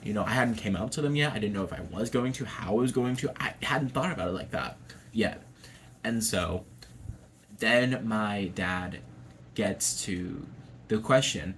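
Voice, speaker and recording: A man's voice: lowish voice, normal speed, fairly bright tone, slight background noise. A young adult man telling a personal story to camera in a casual, chatty way, swearing freely and laughing often. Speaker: vlogger.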